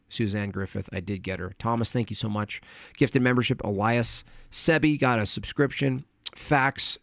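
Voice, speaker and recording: A man hosts a casual livestream, thanking donors and wandering between topics as he mutters to himself. His voice sits at an ordinary middle pitch. The sound is dry and close, with no echo. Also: vocal fry, fairly bright tone. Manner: rambling, distracted, mutters to himself. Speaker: livestream host reading chat donations.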